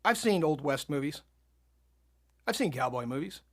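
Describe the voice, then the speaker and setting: A man telling a story as a podcast guest, animated and laughing often. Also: fairly high pitch, normal speed, breathy edge. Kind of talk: casual storytelling.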